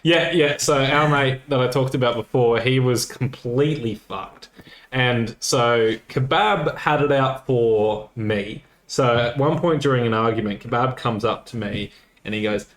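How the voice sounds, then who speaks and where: A man's voice: mid-range voice, a little slow. Man telling a story, roomy echo. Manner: swearing, animated retelling with quoted dialogue. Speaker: podcast co-host. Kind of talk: casual storytelling chat.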